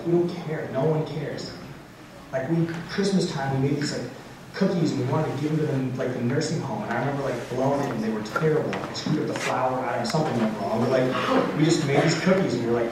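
A young man giving a storytelling motivational speech to students at a school assembly, full of casual "like" fillers. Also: medium pitch. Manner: animated storytelling, frequent "like" fillers. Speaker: motivational speaker. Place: large school gym or auditorium. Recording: very echoey hall, distant, noisy.

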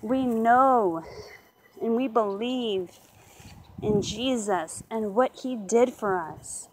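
Slow, earnest woman sharing her testimony. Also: on the high side, a little hiss or hum, rough recording. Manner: earnest, halting, frequent "you know". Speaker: testimony speaker. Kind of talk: personal faith testimony.

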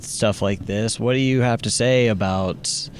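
A man from Tennessee hosting an interview, reacting with empathy and asking gentle questions. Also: on the low side, measured pace, a little hiss or hum. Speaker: host. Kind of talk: casual interview.

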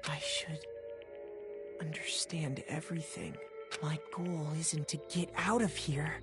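A man voicing a faint, dreamlike inner voice in a video game, hushed and drawn out. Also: fairly high pitch, fairly even intonation, unhurried, pitched below the performer's own voice. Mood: dreamy. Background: game music.

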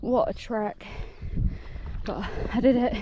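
Out of breath on a moorland path, a solo hiking vlogger chats to camera while walking, gushing giddily and laughing a lot. She speaks slowly in a high-ish, steady voice. The recording sounds muffled, with background noise.

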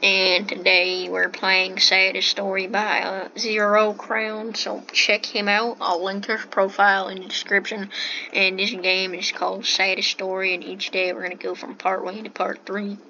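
A woman's voice: mid-range voice, level tone, moderate pace, pushed and bright. A woman hosting a gameplay video, reading the on-screen text aloud and asking puzzled questions about what she sees. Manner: reads game text aloud with puzzled remarks. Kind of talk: casual game commentary. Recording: dull lo-fi mic with faint hiss.

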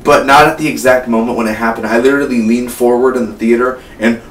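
An eighteen-year-old man giving a casual, rambling spoiler review of a film. He gets excited and keeps tossing in "man" and "like". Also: medium pitch, fast. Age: late teens. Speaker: movie reviewer. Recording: echoey room, mic at a distance, faint hum.

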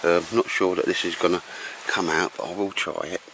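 Low-voiced male vlogger, slangy and chatty, recorded outdoors with light background noise. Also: fairly even intonation, a little fast. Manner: chatty, slangy, keeps saying ladies and gents. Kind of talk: casual camping vlog walkthrough. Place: outdoors at a campsite.

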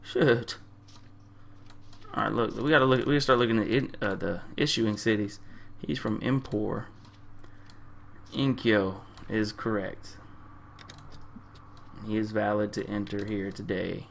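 A young man playing a game and commentating, loud and crude, trash-talking the characters in slang and often repeating himself. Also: on the low side, steady tone, measured pace, gravelly, pauses often, slight background noise. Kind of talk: profane casual gameplay commentary.

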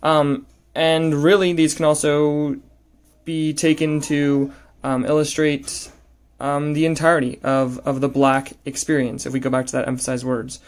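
A man's voice: fairly high pitch, flat delivery, measured pace. A man teaching a lesson on a poem, talking hesitantly with many fillers and restarts while he annotates it.

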